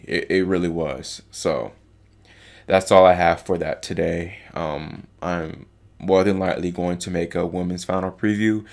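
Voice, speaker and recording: Male vlogger, low gravelly voice, rambling and hesitant, heartfelt delivery. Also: a little mellow. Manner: rambling, hesitant, with many restarts and fillers; heartfelt, openly affected by the topic. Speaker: tennis vlogger. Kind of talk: casual spoken commentary to camera.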